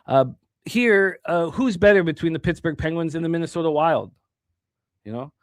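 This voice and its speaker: Man, betting show host, higher voice, dry close sound, rambling casual talk. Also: moderate pace, no echo. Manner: rambling, self-correcting, upbeat.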